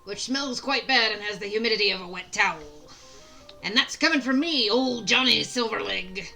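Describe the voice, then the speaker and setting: A woman voicing a boisterous old male pirate captain, reading game dialogue aloud in character with a loud, swaggering storyteller's manner. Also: medium pitch, moderate pace, vocal fry, faint music behind, low-quality recording.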